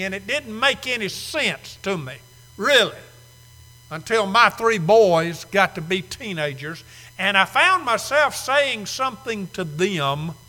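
Heard in a reverberant hall, a preacher in his sixties puts a high, strained, bright voice behind his sermon. He pummels the audience with rhetorical questions and stretches important words to hit them hard.

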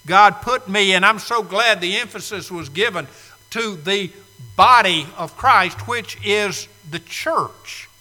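A man's voice: high voice, bright, forceful tone, big-room sound. A man preaching a sermon to a live congregation, emphatic and fond of repeating key phrases. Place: church sanctuary, live congregation.

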